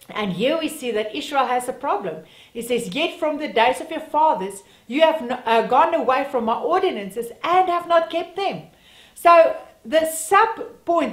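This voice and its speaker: A woman's voice: sits high, fairly bright tone, reverberant. A woman preaching an earnest, emphatic sermon in church.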